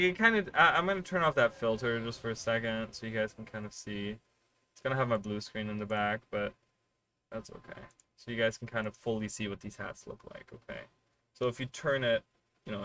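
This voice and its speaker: During a live stream, a man talks with his viewers at medium pitch and a little fast, rambling casually and excitedly while cursing freely.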